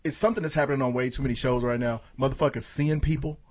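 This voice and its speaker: A man's voice: mid-range voice, fairly even intonation, racing. A man co-hosting a podcast in casual chat, opinionated and rambling, swearing freely. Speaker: podcast co-host.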